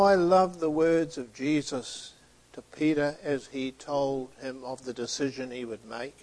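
A man delivering a sermon at an unhurried pace, his voice sitting a little high. He tells the story by acting out each speaker, building emphasis and then falling to a hushed near-whisper. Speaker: preacher.

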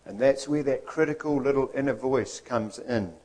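An earnest male preacher delivering a sermon with emphasis and repetition. He acts out the figures he quotes while keeping to a steady preaching delivery. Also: medium pitch, moderate pace, low-quality recording.

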